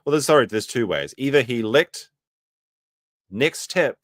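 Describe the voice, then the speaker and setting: A man hosting a commentary stream, reacting sarcastically to a clip, jumping between loud outbursts and muttered asides. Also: mid-range voice, expressive, measured pace, no echo, studio quality.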